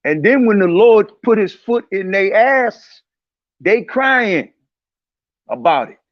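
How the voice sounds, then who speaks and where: A man's voice: high-pitched, animated, takes it slowly, dry recording, dull audio. A man hosting a casual religious commentary talk, speaking in a heated, preachy way and repeating his points.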